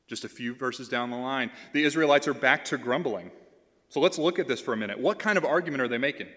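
A man delivers a sermon in an earnest, steady way, reading scripture aloud and repeating key phrases for emphasis. His voice sits in a middle register. A long reverb tail from a church sanctuary trails after each line. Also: mid-range voice, fast. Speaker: pastoral intern.

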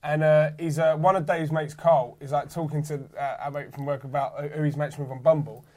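Man, high voice, casual storytelling, laughing. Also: little pitch movement, brisk, darkish tone. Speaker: podcast co-host.

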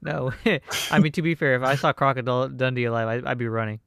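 A man's voice: medium pitch, fast, creaky, a bit bright, clean tone. Young male podcast co-host, resonant clean voice, rambling, casual swearing. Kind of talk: casual chat.

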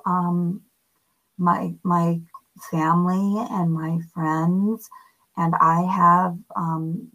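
A woman, a podcast guest speaking candidly and haltingly with many fillers. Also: on the low side, vocal fry, fairly bright tone, low-quality recording. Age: 50s. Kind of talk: candid interview talk.

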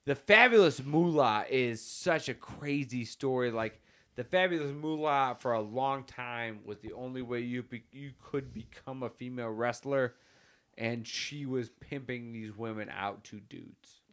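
A man's voice: mid-range voice, a little slow, a bit bright. A man co-hosting a podcast, chatting casually in a laid-back, profane, rambling way. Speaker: podcast co-host. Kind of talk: casual chat.

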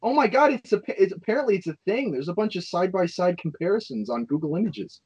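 A man in a casual podcast chat who blurts out incredulous exclamations. His voice is slightly high and husky, and it moves lively in pitch. The recording is dull and lo-fi. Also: fast talker. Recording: dull lo-fi mic.

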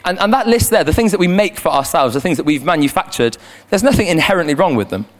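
A man's voice: a little high, expressive, quick pace. Young guy youth leader preaching at church, earnest and chatty, lots of restarts, handheld mic. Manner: earnest, conversational with frequent restarts. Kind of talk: sermon. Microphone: handheld microphone.

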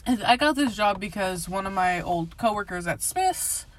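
A woman's voice: medium pitch, lively intonation, normal speed, dry recording. A young woman casually telling a personal story, rambling with lots of filler words, laughing often and swearing. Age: young adult. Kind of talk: casual chat.

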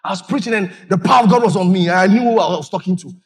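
A man preaching a lively sermon as pastor, acting out church members with sudden high shouts. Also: rapid-fire. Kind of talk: lively sermon with acted-out stories.

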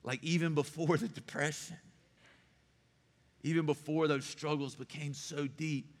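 A man's voice: a little high, fairly even intonation, unhurried. A middle-aged man, a pastor preaching a sermon in an earnest, personal way with emphatic repetition. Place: church sanctuary. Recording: long hall reverb.

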